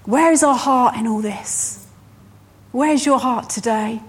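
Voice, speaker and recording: A woman preaching a sermon to her church, slow and emphatic, driving her points home by repeating phrases. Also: a little high, breathy edge.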